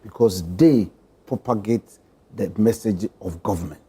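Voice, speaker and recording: A man speaking as a political panelist, choosing formal words with deliberate pauses. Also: on the low side, dark tone, husky. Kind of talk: panel discussion.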